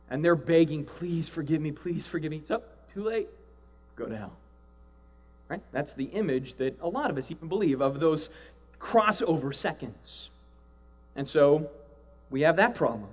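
A man preaching a sermon to a live audience, animated, acting out quoted voices and often asking "right?". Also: a little high, dull audio. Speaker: pastor.

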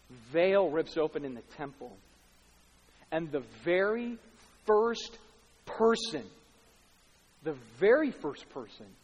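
Male preacher, high voice, dramatic hushed-to-shouting sermon delivery, long hall echo.

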